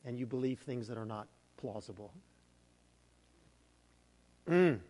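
A male pastor giving a sermon, shifting from scripture readings into a lively conversational story. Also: medium pitch, measured pace. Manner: conversational storytelling, animated retellings. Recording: hall reverb.

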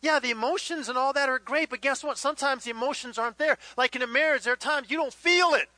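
Male pastor, high and sharp-toned, chatty sermon delivery, dry close sound. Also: fast talker, no echo, poor audio. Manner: conversational, acts out little dialogues with the congregation. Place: church hall with live congregation.

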